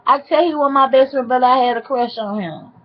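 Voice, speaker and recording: Sassy higher-voiced woman telling a story. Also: dull audio. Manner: sassy, animated, drawn-out asides. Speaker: vlogger. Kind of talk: casual storytelling.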